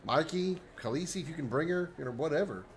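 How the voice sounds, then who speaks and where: A man's voice: on the high side, lively intonation, fast talker, a little hiss or hum, poor audio. A man streaming a video game live, rambling and joking with his chat in casual commentary. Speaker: livestreamer.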